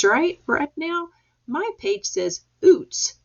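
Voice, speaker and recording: A woman's voice: a little high, big pitch swings, unhurried, vocal fry, slightly rough. A woman teacher leading a reading lesson for young children, patiently sounding out letters and words. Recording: dull lo-fi recording.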